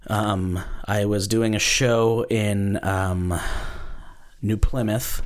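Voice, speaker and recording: A man's voice: fairly low pitch, steady tone, drawn-out words. A man who does stand-up, telling a story in casual chat, laid-back and self-deprecating, chuckling often. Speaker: stand-up comedian, guest.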